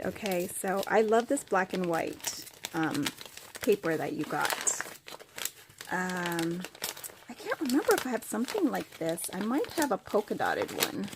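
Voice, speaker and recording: A woman's voice: medium pitch, big pitch swings, measured pace, noisy background. Gushing, squealing woman unboxing mail. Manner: gushing, gasping and squealing with delight. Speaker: craft vlogger opening mail. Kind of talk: excited unboxing chat to camera.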